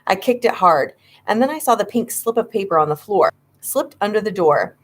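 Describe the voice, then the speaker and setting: A woman's voice: medium pitch, animated, moderate pace. A woman narrating a children's horror story, reading with dramatic suspense. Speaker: audiobook reader.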